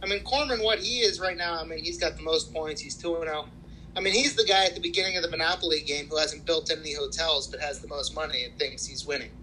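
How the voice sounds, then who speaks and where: A man talks shop about his fantasy league, stumbling over restarts while bragging about his record. His tone is very bright and forward, pitched a little high. Faint ambience sits behind him. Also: slight background noise, low-quality recording. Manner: halting, many restarts, boastful. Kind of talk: casual banter about fantasy sports.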